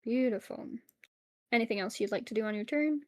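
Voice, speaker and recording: A woman narrating as game master of a tabletop game, in a relaxed way with frequent fillers. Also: a little high, a little fast.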